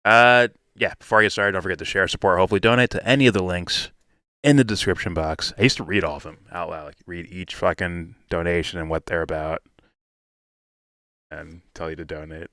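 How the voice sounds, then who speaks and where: Deep-voiced, profane stream host. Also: male voice, a little fast, bright, forceful tone, dry recording, clean studio sound. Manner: loose, profane and laughing often. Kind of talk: casual live reaction commentary.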